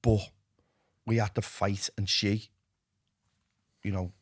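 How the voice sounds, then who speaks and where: A middle-aged man with a Liverpool accent, telling his own story as a podcast guest, lively and candid, dropping to a hush when he quotes himself. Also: on the low side, slow, no echo, clean studio sound. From England. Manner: animated, drops to a hushed voice when quoting himself.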